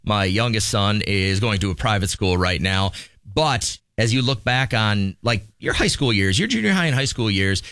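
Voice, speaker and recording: A man's voice: fairly low pitch, lively intonation, normal speed, fairly bright tone, clear, resonant tone, dry recording, studio quality. A middle-aged man hosting a radio show, chatting casually and reading promos.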